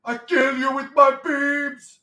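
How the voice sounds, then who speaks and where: A man putting on a bellowing action-star governor in a thick mock-Austrian accent, pitched well above his own voice and yelled at full force. It comes through an echoey room from a mic set some way off. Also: completely flat delivery, slow, far from the mic, full character voice. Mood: yelling. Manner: yelling, over-the-top. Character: shouting impression of a male action-star governor.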